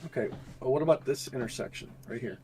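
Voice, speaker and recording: A man's voice: mid-range voice, fast talker, mellow, faint music behind. A young man playing in a live tabletop game, blunt, brash and joking as he speaks. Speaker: player.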